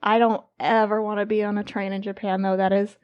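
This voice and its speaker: A woman hosting a podcast in casual chat, chatty and quick to laugh. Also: medium pitch, little pitch movement, smooth, no echo, highs cut off. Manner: giggly, chatty. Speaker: podcast co-host.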